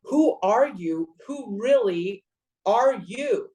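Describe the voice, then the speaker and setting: A woman in her forties chatting as a podcast guest, rambling and animated, with sudden excited bursts. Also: fairly high pitch, takes it slowly, low-quality recording. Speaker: podcast guest, actor and producer. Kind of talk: casual interview chat.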